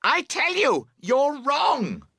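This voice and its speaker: Guy doing an angry camper man yelling, way up high and loud, really worked up. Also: wildly swooping pitch, very slow, dry recording, clean studio sound, full character voice. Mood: furious. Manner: shouting, exasperated. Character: furious man fighting a wet tent.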